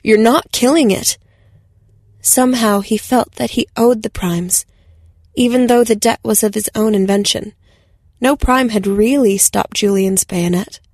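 A woman narrating a science fiction story in a steady, measured audiobook style. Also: medium pitch, dry recording, clean studio sound.

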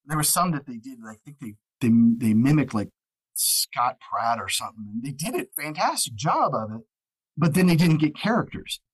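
A man's voice: mid-range voice, big pitch swings, normal speed, slightly rough, low-quality recording. A man who narrates audiobooks, talking as a guest in a casual, rambling way full of fillers. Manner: rambling, filler-heavy, restarts often. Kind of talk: casual podcast chat.

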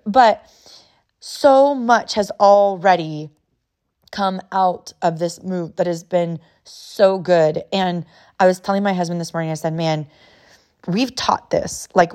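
Unhurried and darkish in tone, with a voice on the low side, this thirty-something Californian podcast host shares an emotional story from her own life. She speaks earnestly and frequently says the same things again.

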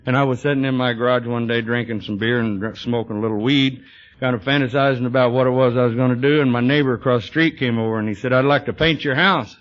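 A man tells tall, funny stories to a meeting audience in a dry, drawling storytelling voice. His voice is mid-pitched and plain. The sound comes from a dull, lo-fi old tape recording. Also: fairly even intonation, fast. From Texas. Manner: dry, drawling humor with frequent "you know". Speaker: recovery speaker.

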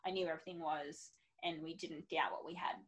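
A woman's voice: deep voice, steady tone, quick pace, highs cut off, crowd noise. A woman in her thirties, a podcast guest telling her story in candid, chatty talk full of ums and quoted asides. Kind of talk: casual podcast chat.

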